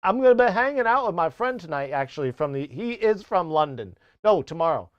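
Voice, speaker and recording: A man rambles through a live stream in a loose, profane way, often cutting himself off and trying out silly accents. His voice sits a little high and comes across smooth. The mic is close and dry with a slightly muffled top end. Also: very animated, brisk, no echo. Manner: rambling, swearing, self-interrupting; playful mock accents for chat. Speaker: music streamer. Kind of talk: casual live-stream chat.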